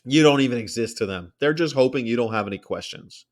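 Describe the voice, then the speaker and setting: An American man hosting a casual chat, telling a story in an animated way, acting out quotes and swearing freely. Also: medium pitch, fast. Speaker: podcast host.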